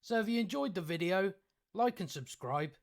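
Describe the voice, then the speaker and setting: A man delivers a sarcastic, profane rant for his video channel, his voice sitting a touch higher than most men's. He chuckles at his own points and stumbles through restarts as he goes. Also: lively intonation. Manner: halting restarts. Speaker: YouTube commentator. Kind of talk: ranting commentary.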